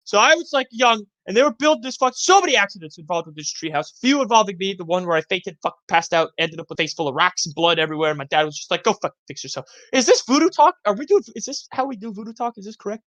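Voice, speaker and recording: A man's voice: high-pitched, fast talker, hardly any pauses, no room sound, lo-fi sound. Rambling, profane young man storyteller. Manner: rambling, profane, animated, bursts of loud yelps and laughter. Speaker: podcast co-host. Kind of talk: casual chat, storytelling.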